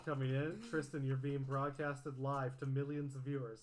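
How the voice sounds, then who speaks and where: A man hosting a casual livestream podcast, bantering quickly with lots of stammered restarts. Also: medium pitch, little pitch movement, crowd noise. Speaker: podcast host.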